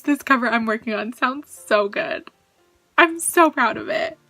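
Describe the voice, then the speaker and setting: Bubbly bright-voiced young woman vlogging. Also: on the high side, a little slow, soft background music. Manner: bubbly, giggly, excitable. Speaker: vlogger and singer. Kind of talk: casual vlog chat. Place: home, kitchen.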